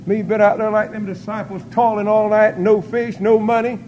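Older man, preacher, high voice, folksy testimony, faint hiss. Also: flat delivery, normal speed, muffled recording. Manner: folksy storytelling with shouted praise. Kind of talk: sermon testimony.

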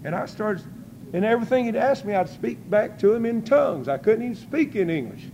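An older man preaching a testimony sermon in folksy storytelling style, breaking into loud praise. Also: sits high, lively intonation, a little fast, background noise.

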